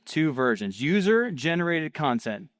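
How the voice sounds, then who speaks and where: A man giving a casual, energetic talk about marketing in a salesy, conversational way. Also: a little high, measured pace, dry recording, clean studio sound. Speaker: marketing speaker.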